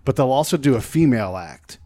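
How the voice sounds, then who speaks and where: Male podcast host, mid-pitched, loose rambling chat. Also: expressive, brisk, mellow. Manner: rambling, laughs along, says "like" a lot. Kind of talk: casual chat.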